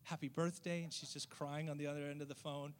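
A man, a missionary, telling a story in a lively way and acting out the voices of the people in it. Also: on the high side, fast talker. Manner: lively, acts out quoted voices. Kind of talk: storytelling testimony.

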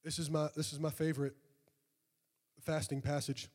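A man preaching a sermon, reading scripture and praying with fervor that swells into loud, drawn-out calls. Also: on the high side, little pitch movement, big-room sound. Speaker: pastor.

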